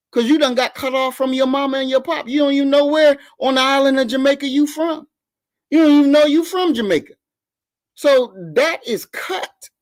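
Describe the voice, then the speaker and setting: A man speaking as a guest on an online talk radio show, making an emphatic, lecturing argument and often repeating words as he builds his point. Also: extremely high pitch.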